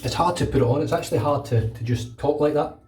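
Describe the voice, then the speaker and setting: A Glaswegian man from Scotland talking casually and quickly while he shaves, dropping in asides like "know what I mean". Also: a little high, a little mellow, reverberant, far from the mic. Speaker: wet shaving channel host. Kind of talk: casual talk over a shave.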